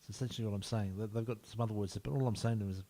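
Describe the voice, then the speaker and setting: A man's voice: lowish voice, fairly even intonation, rapid-fire, warm tone, a little hiss or hum. A man, streaming a football management game and talking playfully to each player, often dropping to a whisper. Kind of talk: live-streamed game commentary.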